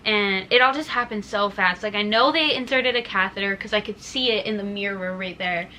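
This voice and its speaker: A woman's voice: medium pitch, fairly quick, bright, forceful tone, slight background noise, rough recording. A young woman vlogger telling a personal story in a casual, chatty way, full of fillers and emotion.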